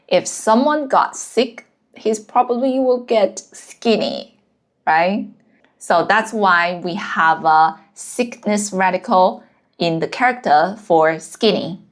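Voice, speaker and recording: A woman who speaks natively, giving a language lesson and counting out the strokes of each character one by one. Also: medium pitch. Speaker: Chinese language teacher. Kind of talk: slow step-by-step lesson narration.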